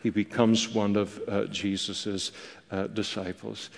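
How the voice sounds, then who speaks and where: A man teaching a Bible passage in a conversational, animated way, often pausing on fillers and restarting his phrases. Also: lowish voice, gravelly, in a large hall.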